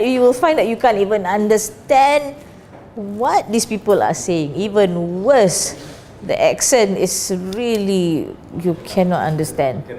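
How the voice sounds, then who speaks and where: A woman's voice: mid-range voice, animated, measured pace, dark tone, a little hiss or hum. A woman, leading a chatty classroom discussion and repeating her points for emphasis. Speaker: English teacher.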